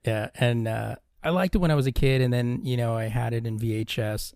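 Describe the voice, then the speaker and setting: A man's voice: mid-range voice, a little fast, gravelly, a little mellow, no echo, clean studio sound. A man co-hosting a casual podcast, laid-back, chuckling often and swearing casually. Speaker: podcast co-host.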